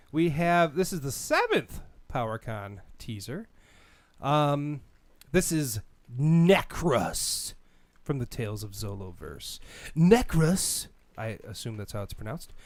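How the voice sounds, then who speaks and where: A middle-aged man hosts a casual podcast, laughing easily and reading announcements aloud. His voice rides a fairly high, animated pitch. He stumbles over unfamiliar words. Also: no echo. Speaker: podcast host.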